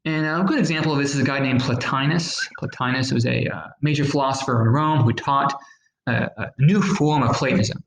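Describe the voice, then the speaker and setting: A man's voice: mid-range voice, fairly quick, creaky, echoey room, a little hiss or hum, rough recording. A man teaching a recorded history lesson, explaining patiently with fillers and acting out little examples.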